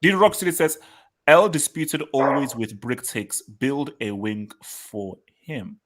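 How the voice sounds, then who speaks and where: A man's voice: mid-range voice, slow pace, fairly bright tone. A man hosting a casual live football chat, reading out viewer comments, laughing and repeating himself. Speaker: host.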